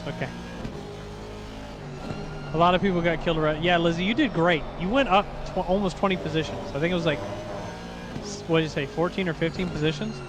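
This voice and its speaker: A man with a fairly high voice calls a sim race live, cracking jokes between updates. His talk is quick and playful. A steady hiss of noise sits behind him. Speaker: sim racing commentator. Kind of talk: live race commentary with banter.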